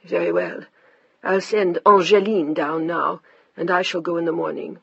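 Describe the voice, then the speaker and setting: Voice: mid-range voice, moderate pace, creaky, husky, no room sound, highs cut off. A narrator voicing an older French woman, a stern, grieving mother-in-law with a French accent and clipped, formal English. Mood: stiff.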